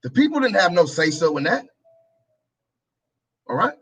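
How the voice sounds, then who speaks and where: A man's voice: sits high, very animated, normal speed, a bit bright, slightly rough, poor audio. A male talk show host delivering a preachy political commentary monologue, repeating his phrases and acting out both sides of an argument.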